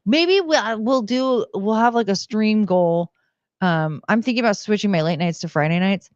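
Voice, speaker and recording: A woman streams casual chat from home on a desk microphone, rambling with frequent "like" and "um." Her voice is medium-pitched at normal speed, and the sound is dull and dry with no echo.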